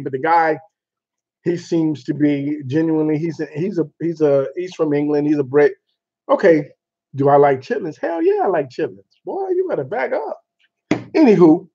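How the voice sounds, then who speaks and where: A man hosting a casual chat show, telling a story in an animated way with laughter and mild cursing. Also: a little high. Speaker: show host. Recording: dull lo-fi sound.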